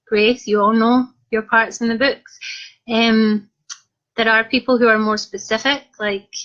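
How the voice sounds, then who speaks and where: A woman's voice: a little high, a bit bright. A woman with a Scottish accent, an author chatting casually on a live stream, reading out comments and making jokey asides. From Scotland. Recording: slightly muffled lo-fi live stream.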